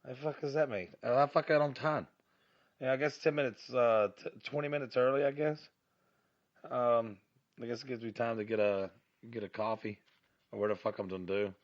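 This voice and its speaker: A man's voice: mid-range voice, steady tone, brisk, highs cut off. A middle-aged man ranting on his own podcast, rambling and grumbling with plenty of cursing and filler. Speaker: podcast host. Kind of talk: profane solo rant.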